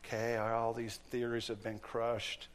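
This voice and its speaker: A man preaching a sermon in a church, telling stories with acted quotes and swinging between loud and hushed delivery. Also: mid-range voice, monotone, unhurried, a little hiss or hum.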